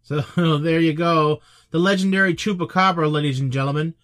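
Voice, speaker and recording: A man's voice: a little high, fairly even intonation, moderate pace, fairly bright tone. A man hosting an online paranormal news roundup, joking and talking to his viewers. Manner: joking, playful asides to viewers. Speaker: host of a paranormal news show.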